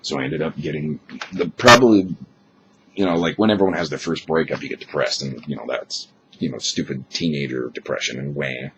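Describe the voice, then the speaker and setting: A young man talks to camera in a casual, rambling way, frank and quick to swear. A chest cold has pushed his voice extremely low and thick. The audio is dull and lo-fi, with a faint hiss underneath. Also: creaky. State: chest cold, unusually deep voice. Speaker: vlogger. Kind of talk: casual vlog monologue.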